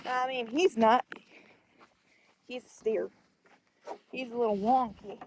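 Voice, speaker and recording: Slow-talking young woman ranch vlogger. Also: on the high side, steady tone, a little hiss or hum. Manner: rambling, self-joking, chatty. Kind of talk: casual vlog chat while doing chores. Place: outdoors on a ranch. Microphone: handheld phone.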